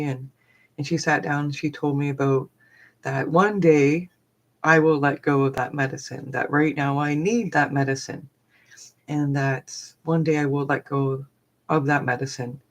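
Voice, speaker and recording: Middle-aged woman, low voice, rambling live-stream storyteller, lots of filler words. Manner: chatty, heavy with fillers like "like" and "um". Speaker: live streamer and forest therapy guide.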